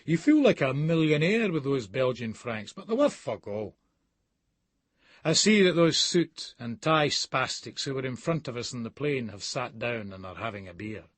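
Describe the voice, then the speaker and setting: A man's voice: mid-range voice, very animated, normal speed, no room sound. A man with a Scottish accent reading a novel aloud in the first person, with a coarse, brash, sneering delivery. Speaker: audiobook narrator.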